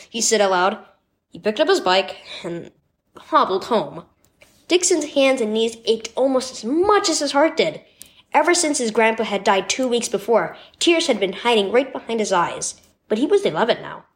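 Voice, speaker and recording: A woman reading a scripted children's devotional story in an expressive storytelling manner. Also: medium pitch, normal speed. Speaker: devotional reader.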